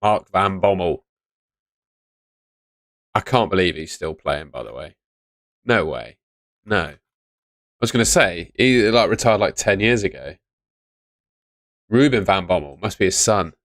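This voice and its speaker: A young man talks through fantasy football picks on a live stream, chatty and relaxed as he answers his viewers. His voice sits fairly low and the studio mic sound is dry and close, with little room around it. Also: a little slow, pauses often, dry recording. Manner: chatty, answers chat messages. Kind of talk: casual live-stream commentary. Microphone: studio microphone on stand.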